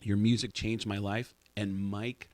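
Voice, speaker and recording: A man with a fairly low voice spins backstage anecdotes as a guest on a radio show. He acts out the back-and-forth of each exchange, and the sound is close and dry. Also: a little slow, no echo. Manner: animated anecdote teller, acts out dialogue. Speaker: comedian guest. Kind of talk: casual studio chat. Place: radio studio.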